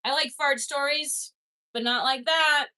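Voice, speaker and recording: A young woman streamer from Canada chats casually with her viewers. Her voice sits a little high, and she talks loosely, swears now and then, and laughs easily as she reacts to comments. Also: steady tone, measured pace, sharp tone. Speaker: streamer reading chat. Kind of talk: casual livestream chat.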